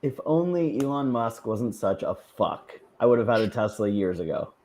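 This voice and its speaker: A man's voice: fairly low pitch, animated, normal speed, warm tone, a little hiss or hum. Blunt, profane man in casual chat. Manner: profane, blunt, laughs often. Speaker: podcast co-host.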